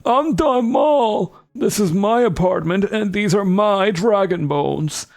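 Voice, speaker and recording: A man voicing a feral, paranoid old male goblin hermit in a shrill old-man voice. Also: animated, slow pace, vocal fry, faint music behind, full character voice. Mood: possessive. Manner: shrill, suspicious, squawking.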